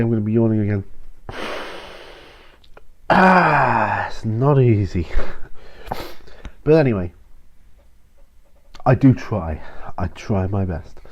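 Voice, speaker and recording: A man's voice: lowish voice, darkish tone. A tired man hosting a casual question-and-answer video, rambling with many ums and restarts. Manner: rambling, self-interrupting, frequent ums and sighs. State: tired, prone to yawning. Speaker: channel host answering viewer questions.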